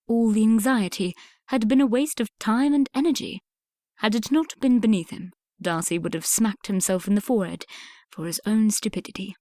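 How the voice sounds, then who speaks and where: Woman reading a romance audiobook, calm and steady, dry close mic. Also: mid-range voice, no room sound. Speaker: audiobook narrator. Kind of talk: scripted narration.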